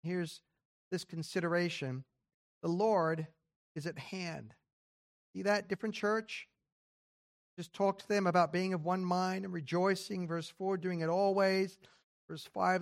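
A preacher giving an expository sermon, reading scripture aloud and then explaining it in casual spoken phrasing with rhetorical questions. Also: medium pitch. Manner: casual spoken phrasing with occasional throat clearing.

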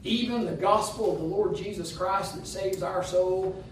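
A man's voice: high-pitched, moderate pace, a little hiss or hum. A man preaching a sermon, his delivery emphatic, with rising phrases that slip into half-singing. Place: church sanctuary. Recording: distant mic in an echoey room.

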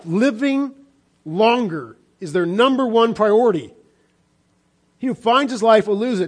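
A man preaching a sermon, swinging from fervent shouts down to low, hushed lines. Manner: impassioned preaching, rising and dropping sharply. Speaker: pastor.

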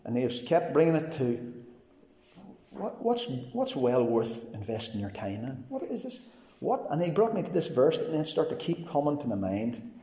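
A man's voice: fairly high pitch, big pitch swings, moderate pace, warm tone. A man giving a personal testimony sermon, telling his story earnestly and acting out what others said to him. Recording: reverberant hall.

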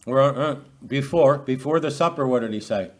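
This pastor's expository sermon comes in a medium-pitched voice at a moderate pace. He keeps it conversational, poses rhetorical questions, performs quotes, and tends to repeat words as he starts phrases over.

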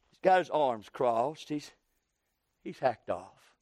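A man in his sixties preaching a sermon, slowing down for emphasis and breaking into loud acted quotes. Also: medium pitch, very animated, no room sound.

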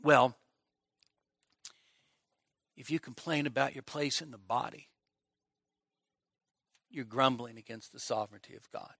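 A man's voice: mid-range voice, steady tone, unhurried, pauses often, fairly bright tone, no echo, studio quality. A middle-aged man preaching an expository sermon at a midweek church service, emphatic, often repeating words as he builds a point. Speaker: pastor.

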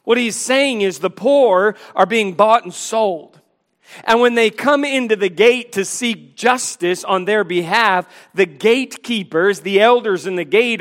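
A man with a high-pitched, fairly bright voice preaches a sermon, quoting and explaining scripture emphatically with a sarcastic edge. The recording carries a long hall reverb.

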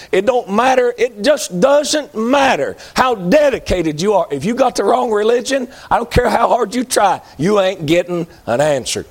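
A man preaching a sermon in an emphatic, folksy way, repeating lines for effect. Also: high-pitched.

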